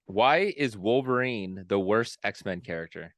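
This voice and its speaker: A man's voice: fairly low pitch, unhurried, no room sound. A man co-hosting a casual podcast, teasing his co-hosts in a playful way. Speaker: podcast co-host. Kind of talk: casual chat.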